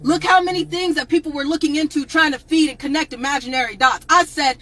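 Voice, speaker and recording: A woman on a livestream, angrily ranting to viewers, swearing and often shouting. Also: sits high, fairly even intonation, fast, rough recording. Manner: angry, profane, repeatedly shouting at viewers. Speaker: advocate on a livestream. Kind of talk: impassioned livestream rant.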